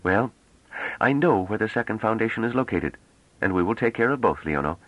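A man's voice: on the low side, expressive, a little fast, a bit bright, no echo, highs cut off. A man voicing a stern, resolute woman leader in an audiobook, speaking firmly and with command. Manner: firm, commanding. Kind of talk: audiobook character reading.

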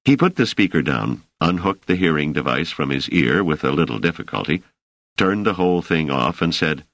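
A man narrating an audiobook in a measured, expressive reading. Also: a bass voice, no echo. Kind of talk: scripted narration.

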